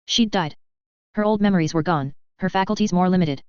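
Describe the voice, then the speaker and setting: A woman's voice: on the low side, fairly quick, a little mellow, clear, resonant tone, no echo. Woman reading an audiobook, very dry close sound, kinda dull lo-fi. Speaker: audiobook narrator. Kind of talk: first-person audiobook narration.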